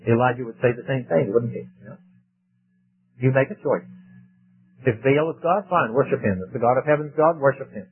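A man's voice: mid-range voice, fairly quick, long pauses, breathy edge. A man preaching a sermon in a conversational way, often asking rhetorical questions. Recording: tinny phone-like radio broadcast.

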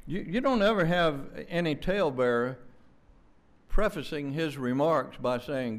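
A man preaching a sermon in an emphatic, fervent way, repeating words and restarting with quick stammers. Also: mid-range voice, animated.

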